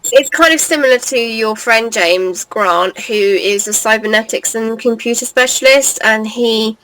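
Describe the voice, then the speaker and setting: A woman's voice: fairly high pitch, unhurried, fairly bright tone, no echo. A woman chatting and teasing on a casual video call. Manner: laughing, teasing. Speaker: guest. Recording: distant video call audio.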